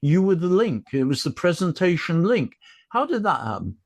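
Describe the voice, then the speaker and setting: Older man, podcast host, slightly high voice, friendly questions, dry studio sound. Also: sing-song, moderate pace, darkish tone, no echo. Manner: friendly, asks questions and shares memories. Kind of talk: casual interview conversation.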